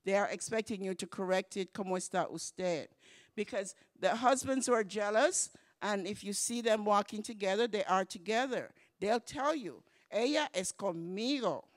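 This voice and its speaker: A Spanish teacher leading a church class, explaining patiently, spelling words out and repeating phrases, louder and livelier in acted examples. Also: medium pitch, normal speed, few pauses.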